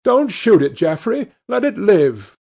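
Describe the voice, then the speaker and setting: A sensitive young gentleman, high-strung and pleading, as a male reader puts him on. His voice rises well above the narrator's own and pushes louder. A storybook figure read aloud. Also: animated, measured pace.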